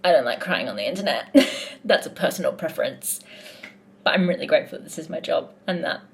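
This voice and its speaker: A woman's voice: deep voice, animated, fast talker, creaky. A young woman in casual vlog chat, talking in a gushing, heartfelt way as a musical theatre performer backstage.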